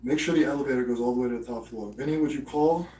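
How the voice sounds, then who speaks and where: Talking very fast, this man hosts a live stream full of rambling, foul-mouthed banter and mocking impressions. His medium-pitched voice is mellow, and the audio sounds roomy, as if he sits far from the microphone.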